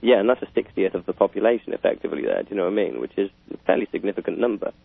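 Low british guy rambling about politics, lots of ums, dry tinny phone sound. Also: lively intonation, rapid-fire, creaky, slightly rough, dry recording. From Britain. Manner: rambling, chuckling, many fillers. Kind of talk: casual political chat.

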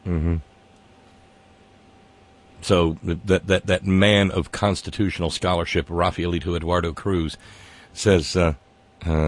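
A man's voice: deep voice, little pitch movement, slow pace, long pauses. A man hosting a satirical political rant. He is sarcastic and exasperated and stammers as he talks. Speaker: host.

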